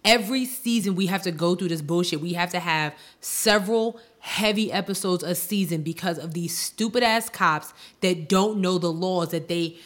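A woman co-hosting a casual podcast, her voice sitting a bit low. She talks in an exasperated, emphatic way, circling back to the same words. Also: a bit bright. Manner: exasperated, emphatic, repeats herself. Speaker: podcast co-host. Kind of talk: casual chat.

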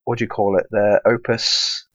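A man's voice: lowish voice, level tone, normal speed, a bit bright, no room sound, lo-fi sound. A man co-hosting a gaming podcast in casual chat, rambling and restarting his sentences. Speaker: podcast co-host.

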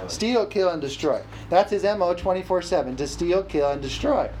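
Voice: mid-range voice, moderate pace, a little mellow, a little hiss or hum. A preacher delivering an emphatic sermon, repeating phrases for emphasis and calling out "amen?" to the congregation. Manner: emphatic, calls for "amen?" responses.

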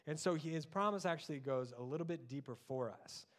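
A man in his thirties preaching a sermon as pastor, often dropping soft and low on key words. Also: quick pace.

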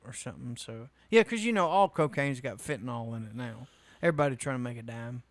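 A man's voice: mid-range voice, expressive, quick pace, no room sound. A man in casual podcast chat, blunt and sardonic, swearing freely. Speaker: podcast co-host.

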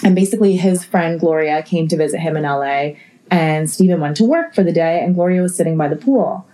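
A young adult woman telling stories in casual chat, animated and profane, full of "like". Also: low voice, brisk, low-quality recording. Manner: profane, animated, filler-heavy.

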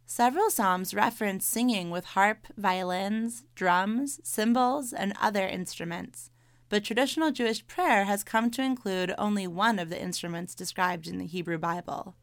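A woman co-hosting a podcast, reading scripted documentary narration in a measured, informative way. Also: medium pitch, no room sound. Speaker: podcast co-host.

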